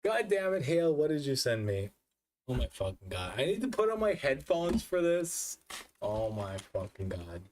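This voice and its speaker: A man's voice: medium pitch, sing-song, moderate pace, a little mellow, far from the mic, slight background noise. A drunk man who keeps hiccuping, chatting casually on a live stream, swearing a lot and laughing at himself.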